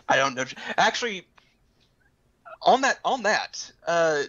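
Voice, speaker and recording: A man from Texas hosts a laid-back gaming roundtable. His voice sits fairly high and swings through a wide, lively range, with a bright, sharp tone. The recording is dull and lo-fi. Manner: animated, breaks into quick silly voice impressions. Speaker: host of a gaming roundtable stream. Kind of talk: casual chat. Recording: lo-fi dull sound.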